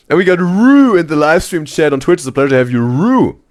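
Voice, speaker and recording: A man hosting a live stream, reading chat messages aloud in a casual, excitable way and saying "bro" constantly. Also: a little high, brisk. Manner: animated, exclaims "bro" constantly, laughs often.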